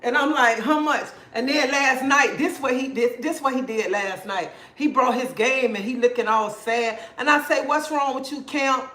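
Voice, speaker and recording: An older woman chats on a livestream, telling lively stories full of quoted back-and-forth. Her voice sits a little high. The room is echoey, with a faint hiss underneath. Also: normal speed, few pauses. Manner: animated storytelling with quoted dialogue. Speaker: livestream host. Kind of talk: casual chat.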